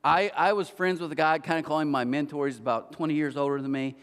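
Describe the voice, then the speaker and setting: A middle-aged pastor talks fast in a fairly high, fairly even voice with a bit of brightness and a clear, resonant tone. His conversational sermon in a church auditorium is full of stories and self-mocking humor, spoken straight to the listeners, with long church-hall reverb.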